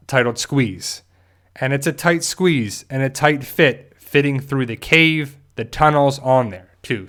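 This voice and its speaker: A man's voice: mid-range voice, fairly bright tone. Rambling man hosting a casual livestream. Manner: rambling, conversational, many restarts and asides. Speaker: host of a TV fan channel. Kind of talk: casual live-stream episode review.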